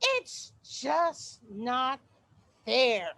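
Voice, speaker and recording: An actress performing a stage monologue as a sassy, outspoken woman with mocking, expressive shifts of tone. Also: sits high, drawn-out words, gravelly, exaggerated voice. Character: sassy, outspoken grown woman airing grievances. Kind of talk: theatrical monologue.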